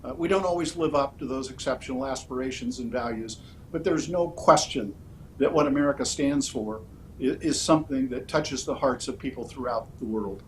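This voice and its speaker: A man speaking as a political candidate in an interview, his voice sitting at an ordinary middle pitch. He lays out his answers in a measured, orderly way. Light background noise and a faint rumble run under his speech. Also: rough recording. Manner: measured, orderly, with frequent "uh" fillers.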